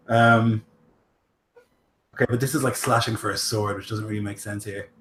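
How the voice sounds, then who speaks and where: A man's voice: fairly low pitch, fairly even intonation, normal speed, a bit bright, echoey room, a little hiss or hum. A man narrating as game master in a tabletop role-playing game, loose and full of fillers, describing combat in gory detail.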